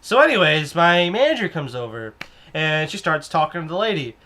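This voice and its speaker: A young man telling a comedic story about a cashier job in an excitable, exaggerated, rambling way. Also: a little high, moderate pace. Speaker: comedic vlogger playing a cashier.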